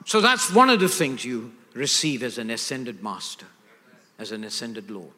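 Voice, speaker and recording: A man's voice: on the low side, bright, forceful tone. Emphatic older male preacher in an echoey hall. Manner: emphatic, call-and-response questions. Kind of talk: sermon.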